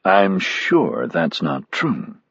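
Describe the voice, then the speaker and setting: A man's voice: lowish voice, animated, normal speed, creaky, fairly bright tone, breathy edge, no echo, lo-fi sound, exaggerated voice. A man voicing a stern, restrained widowed woman.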